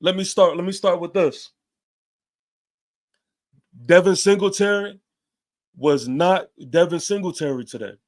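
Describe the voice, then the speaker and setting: A man's voice: high voice, a little mellow. A man hosting a fan show, giving a heated, emphatic post-game rant with casual swearing and repeated points.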